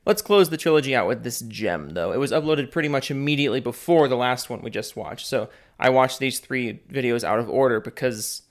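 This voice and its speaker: A man's voice: medium pitch, a little fast, few pauses. A man hosting a reaction video, talking in an exasperated, sarcastic, incredulous way.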